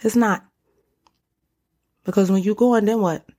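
A woman's voice: mid-range voice, steady tone, measured pace, warm tone. A young woman hosting a solo podcast, talking casually and animatedly in slang, often calling the listener honey or baby. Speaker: podcast host.

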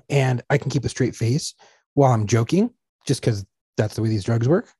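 Husky-voiced man telling crude stories. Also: medium pitch, animated, moderate pace, mellow, no room sound, studio quality. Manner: crude, joking anecdotes. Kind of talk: casual chat.

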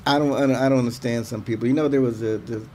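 A man co-hosting a casual faith talk show, telling stories with animated character voices. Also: mid-range voice, racing, slight background noise. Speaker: co-host. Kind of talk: casual chat.

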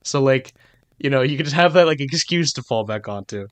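A man co-hosting a podcast, chatting casually in a rambling, halting way with many restarts. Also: medium pitch, lively intonation, dry recording. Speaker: podcast co-host. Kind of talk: casual chat.

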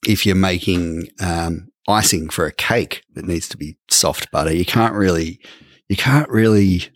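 Low-voiced man, dry banter. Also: measured pace, no room sound. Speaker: podcast co-host. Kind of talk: casual chat.

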